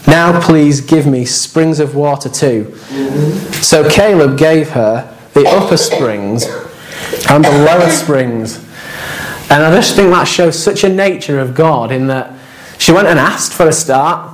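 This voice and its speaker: A man's voice: a little high, expressive, unhurried, a crowd in the background. A man preaching a sermon as pastor, in a conversational, anecdotal way with quoted asides.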